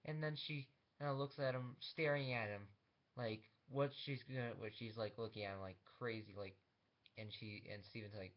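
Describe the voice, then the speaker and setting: A man casually retelling a cartoon story in a halting way, full of fillers and restarts. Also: mid-range voice, fairly even intonation, muffled recording.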